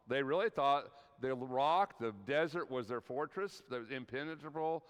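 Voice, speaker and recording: A man with a medium-pitched, clean voice teaches an evening Bible class at moderate pace, with hardly any pauses. He is conversational and keeps asking "right?", his words echoing with long reverb in the church hall.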